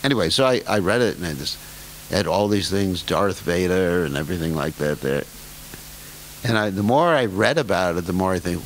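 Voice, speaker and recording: Older man lecturing, lively pitch. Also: low-quality recording. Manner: humorous, self-deprecating asides with chuckles; slows and stretches key words for emphasis. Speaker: spiritual teacher giving a scripture class. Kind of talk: scripture lecture. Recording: faint hiss in lecture recording.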